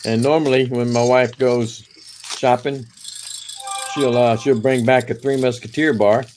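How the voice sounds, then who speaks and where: A man's voice: mid-range voice, steady tone, measured pace, darkish tone, a little hiss or hum. A man hosting a live stream, chatting casually while eating, teasing and laughing often.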